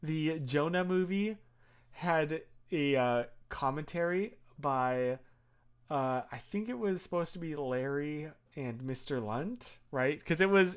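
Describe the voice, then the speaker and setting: An adult streamer in their thirties rambles through casual live-stream chat, answering viewers as they go. The talk is unhurried and drawn out, full of fillers, restarts and nostalgic asides, in a voice pitched in the middle. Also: clear, resonant tone.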